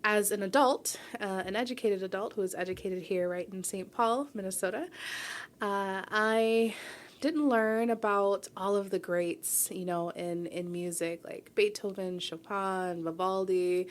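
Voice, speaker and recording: Woman in her forties from New York, radio guest telling her story, earnest and reflective, middle-pitched voice, keeps checking in with "right?". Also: unhurried. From New York, USA. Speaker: guest, publisher and founder. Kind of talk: radio interview, personal story. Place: radio studio.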